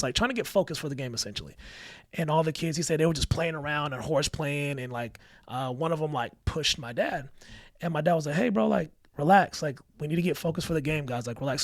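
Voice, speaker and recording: A man telling family stories on a podcast, animated and acting out the lines of the people he quotes. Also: on the high side, no echo, clean studio sound. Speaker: podcast guest. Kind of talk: casual storytelling chat.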